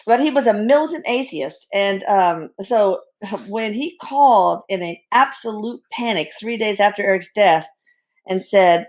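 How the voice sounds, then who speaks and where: A middle-aged woman tells her story as an interview guest, candid and animated. She speaks frankly and breaks in with blunt humor. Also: on the high side, measured pace. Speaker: guest, bereaved mother and physician.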